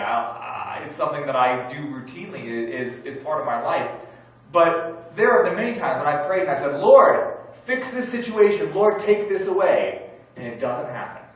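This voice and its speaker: A man preaching a sermon as pastor, candid and self-deprecating with jokes, swinging between loud emphasis and quiet asides. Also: on the high side. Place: large church sanctuary. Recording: echoey church hall from far off.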